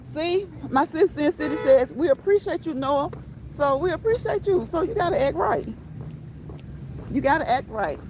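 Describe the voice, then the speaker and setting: A woman's voice: high-pitched, lively intonation, moderate pace. A woman, hosting a casual livestream chat while walking outdoors, playful and chatty, often laughing and talking straight to her chat. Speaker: livestream host. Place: outdoors on a city street. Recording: outdoor street noise with traffic.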